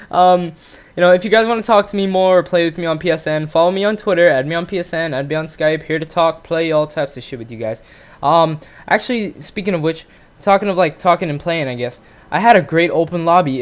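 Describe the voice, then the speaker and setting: A teenage boy hosting his own channel, telling a story in a casual, profane rant full of fillers. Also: fairly high pitch. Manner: profane, ranting, lots of fillers. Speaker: gaming channel host.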